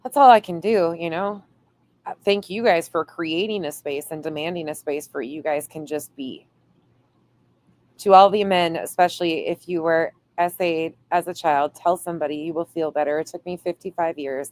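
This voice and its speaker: Low-voiced woman reading live chat. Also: a little mellow, a little hiss or hum. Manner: reads viewer comments aloud, swears playfully. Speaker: livestream host reading chat. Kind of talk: casual livestream chat.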